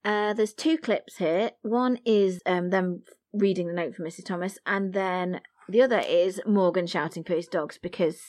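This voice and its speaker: A woman's voice: fairly low pitch, moderate pace, a little mellow. A woman hosting a podcast, chatting about a book and its adaptations in an amused, analytical way. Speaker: podcast host. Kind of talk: casual book discussion.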